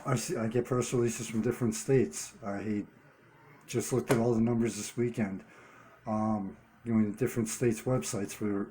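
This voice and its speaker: Man, fairly low voice, warm and mellow; an earnest solo vlogger thinking aloud, restarting phrases and hammering single words. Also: slight background noise. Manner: earnest, repeats key words for emphasis. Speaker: vlogger running a one-person channel. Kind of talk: unscripted commentary monologue.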